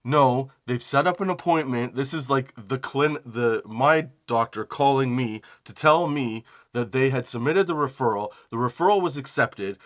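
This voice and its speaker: A man's voice: medium pitch, normal speed, few pauses. A young man hosting a comedy podcast, telling a rambling, profane personal story and often laughing at himself. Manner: animated quoting of phone calls. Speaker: podcast host.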